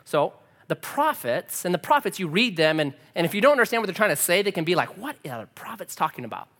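Male pastor, lively sermon storyteller, swooping pitch, long hall reverb. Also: quick pace. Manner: animated, conversational, self-deprecating humor.

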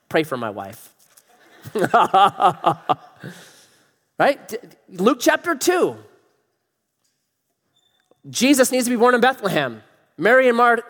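A middle-aged man preaching a sermon as pastor, animated and joking, acting out quotes in other voices. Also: high-pitched. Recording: long reverb of a large hall.

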